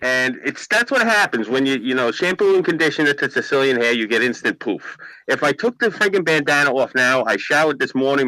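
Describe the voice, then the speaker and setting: A man with a thick New York accent spins profane stories on a livestream. His voice rises and falls a lot, with a bright, pushing edge. The sound is dry and close. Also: medium pitch, no room sound, rough recording. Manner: profane, storytelling. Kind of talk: casual livestream chat.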